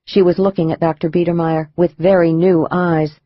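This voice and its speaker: A man narrating a thriller audiobook in a measured, even manner. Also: a little high, no echo, dull audio.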